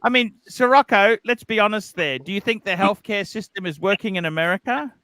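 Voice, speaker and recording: A man with an Australian accent hosting a livestream debate, blunt and quick to swear. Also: high-pitched, lively intonation, bright, forceful tone, no room sound. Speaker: livestream host. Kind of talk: heated casual debate.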